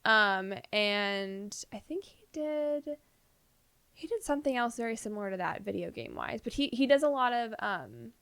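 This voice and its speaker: A woman's voice: on the high side, animated, normal speed, a bit bright, dry recording. A young woman co-hosting a podcast in casual chat, rambling with lots of fillers and restarts. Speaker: podcast co-host.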